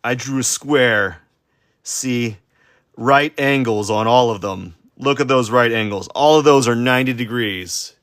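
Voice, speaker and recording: A man's voice: medium pitch, a little slow, a bit bright, dry recording, clean studio sound. A man chatting casually on a livestream while drawing, rambling, stuttering and putting himself down. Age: adult. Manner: rambling, self-deprecating, stuttering. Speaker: streaming artist.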